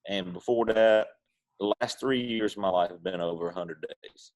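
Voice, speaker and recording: A man's voice: low voice, moderate pace, darkish tone. A middle-aged man with an Eastern North Carolina accent, telling stories in a laid-back, drawling way as an interview guest. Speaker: guest, pitmaster. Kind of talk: casual interview chat.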